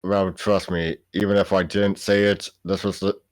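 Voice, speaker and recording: A man playing a tabletop game, speaking slowly and hesitantly. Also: low-pitched, level tone. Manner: slow, hesitant. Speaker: player. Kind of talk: casual game chat.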